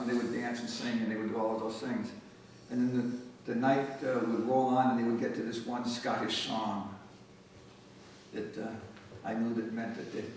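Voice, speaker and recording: A man's voice: mid-range voice, a little hiss or hum. A man telling jokey stories between songs at a live folk concert, coaxing the audience to sing along. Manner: chatty, joking, coaxes audience to sing along. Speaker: folk musician. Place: public library event room. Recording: echoey room, far-off mic, guitar.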